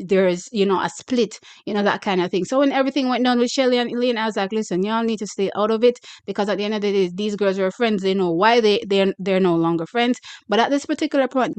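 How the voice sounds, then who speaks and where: Excitable Jamaican woman hosting sports news. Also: medium pitch, no room sound. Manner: excitable, hyping, reads a press release aloud with asides. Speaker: sports channel host. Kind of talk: casual track-and-field news commentary.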